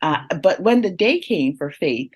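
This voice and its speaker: Animated woman telling a family story. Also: lowish voice, unhurried, husky. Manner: animated, laughs often while telling stories; addresses listeners directly. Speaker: guest speaker on parenting. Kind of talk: conversational storytelling.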